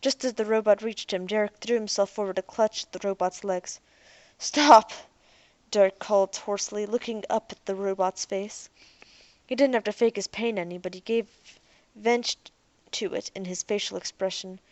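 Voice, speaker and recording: This audiobook narrator is a woman reading scripted text in a measured, even voice at middle pitch. The recording is close and dry, with no room sound or echo.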